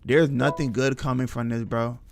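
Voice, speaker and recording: A man's voice: mid-range voice, fairly even intonation, normal speed, vocal fry. A young man streaming a horror game, reacting casually with slang and talking to his chat. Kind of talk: live gameplay commentary.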